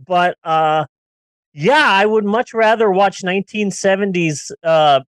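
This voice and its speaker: A man's voice: high voice, a little slow, a bit bright, dry recording. A man co-hosting a casual movie-review podcast, ranting sarcastically and riffing with jokes. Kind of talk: casual comedic film review chat.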